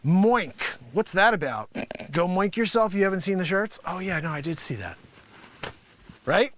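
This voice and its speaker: A man hosting a live stream, improvising a comic sales pitch in a rambling, sarcastic way full of filler phrases, with sudden loud outbursts. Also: normal speed, a little hiss or hum. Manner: animated, jumps to loud outbursts. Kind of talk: improvised comedic pitch bit.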